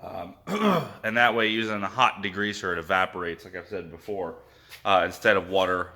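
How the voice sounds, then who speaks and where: A man with a hoarse voice, chatting casually with lots of fillers as he walks through an engine cleaning for his vlog. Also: low-pitched, moderate pace, sharp tone. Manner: chatty, full of fillers and asides. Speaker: car-build vlogger. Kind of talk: casual workshop walkthrough.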